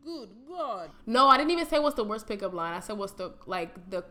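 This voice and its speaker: A young woman co-hosting a podcast, talking in slangy, animated casual banter. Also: mid-range voice. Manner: slangy, animated, quick laughs. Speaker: podcast co-host.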